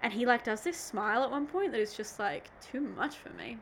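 A woman's voice: fairly high pitch, expressive, brisk, a bit bright, slight background noise. A young woman co-hosting a casual podcast chat, rambling with lots of 'like' and 'um' and trailing off mid-thought. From Australia. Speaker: podcast co-host.

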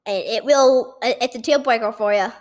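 A woman's voice: on the high side, fairly quick. A woman appearing as a podcast guest, chatting casually in a teasing way.

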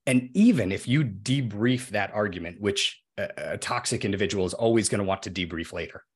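A man with a low, husky voice talks through a casual podcast conversation. He explains at length and illustrates his points with everyday examples. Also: brisk.

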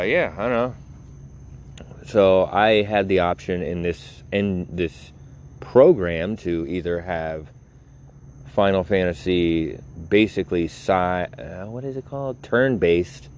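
Deep-voiced man rambling on his podcast. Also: a little hiss or hum. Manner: self-mocking, laughing at his own jokes. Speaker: podcast host. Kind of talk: rambling casual monologue. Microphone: phone.

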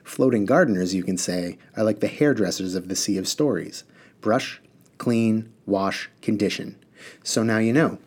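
A man's voice: lowish voice, normal speed, darkish tone, close to an everyday voice. A man voicing a fussy, pompous mechanical bird in a storybook reading who lectures with self-satisfied certainty. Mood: lecturing. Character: fussy know-it-all male mechanical bird.

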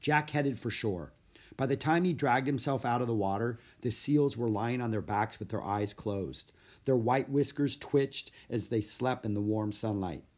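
A man reading a children's storybook aloud in an expressive, lively narration. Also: mid-range voice, normal speed. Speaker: audiobook narrator.

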